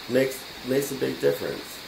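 Speaking in a medium-pitched, creaky voice, a man who teaches DJing and music production walks through audio basics in a relaxed lesson, chuckling often. He's in his home studio with a computer, and the audio has roomy echo and a little faint noise.

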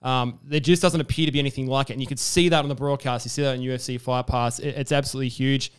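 A man's voice: medium pitch, steady tone, quick pace, clear, resonant tone. A young man hosting a sports podcast, chatty and enthusiastic, with lots of fillers. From Australia. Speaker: podcast host. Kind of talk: casual sports interview.

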